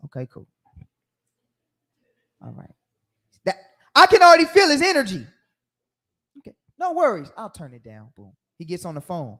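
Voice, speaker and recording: Animated man teaching the Bible. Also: high-pitched, moderate pace, pauses often. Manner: animated storytelling, acting out quoted voices. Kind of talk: sermon-style Bible teaching.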